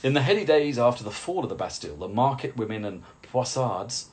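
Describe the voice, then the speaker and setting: A man reading a nonfiction book aloud in a measured, deliberate way, pausing between phrases. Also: mid-range voice, animated. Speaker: reader.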